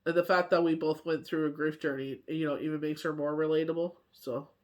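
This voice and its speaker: A woman's voice: low voice, fairly even intonation, fairly quick, darkish tone. Chatty, rambling woman reading tarot. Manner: rambling, chatty, full of "you know" and "like"; laughs often while telling stories. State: tired from coughing fits. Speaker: tarot card reader. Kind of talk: casual daily tarot reading.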